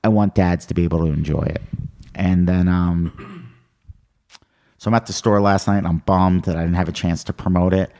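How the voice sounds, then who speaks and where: A middle-aged male comedian telling animated stories in casual chat, acting out what people said. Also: deep voice, moderate pace, pauses often. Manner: animated anecdotes with quoted voices. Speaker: comedian guest.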